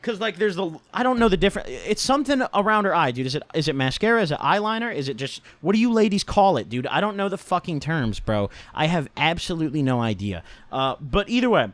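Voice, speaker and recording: A man's voice: on the high side, sing-song, quick pace, hardly any pauses, no room sound. Young man telling a slangy story. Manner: slangy, swears a lot, keeps tagging lines with "right?" and "dude". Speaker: vlogger. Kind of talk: casual storytime.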